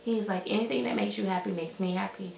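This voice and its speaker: A woman's voice: medium pitch, fast talker, creaky, echoey room, slight background noise, poor audio. A woman vlogger telling a rambling, casual storytime about her doll collecting, acting out what others said. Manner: chatty, rambling, quotes others in animated voices.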